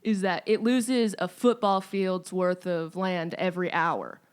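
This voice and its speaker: A woman's voice: fairly low pitch, unhurried, clean tone. A woman from Louisiana, a guest on a comedy podcast, chatting playfully and laughing often. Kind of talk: casual comedy chat.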